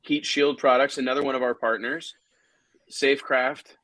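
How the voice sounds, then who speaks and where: Joking talk-show host. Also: male voice, medium pitch, fairly even intonation, a little slow, a bit bright. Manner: joking, rambling, with many fillers. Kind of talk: casual live commentary chat.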